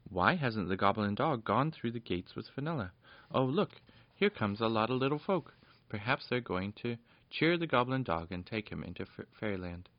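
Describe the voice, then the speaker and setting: An earnest, hot-tempered young boy from a storybook, pitched a little higher than the reader's own voice, as a man reads him aloud. The dull, lo-fi recording has a dry sound. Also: lively intonation, moderate pace, dry recording, lightly acted. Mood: puzzled. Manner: earnest, indignant. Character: brave young boy, quick to anger.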